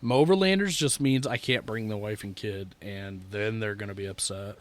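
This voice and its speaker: A man's voice: lowish voice, normal speed, no room sound. A young man co-hosting a podcast in casual chat, telling rambling stories as a first-time dad, swearing freely and laughing often. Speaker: podcast co-host.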